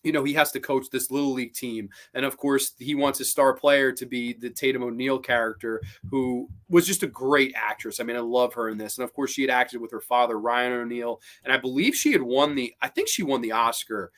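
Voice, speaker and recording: A quick-talking man hosts a loose live-stream movie chat. He rambles, curses freely and gets animated as he riffs. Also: medium pitch. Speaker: host.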